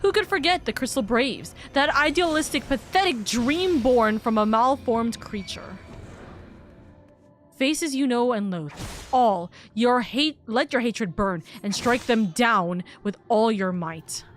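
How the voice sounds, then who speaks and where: A woman's voice: fairly high pitch, animated, takes it slowly, soft background music. A woman reading a grandiose, mocking male game villain's lines aloud in a formal, theatrical way.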